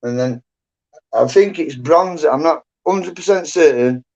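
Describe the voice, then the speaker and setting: A man's voice: fairly high pitch, unhurried, darkish tone, a little hiss or hum. A middle-aged man, chatting casually on a livestream, rambling and swearing with lots of "and that" and "you know". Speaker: livestream host. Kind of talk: casual chat. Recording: dull lo-fi livestream audio.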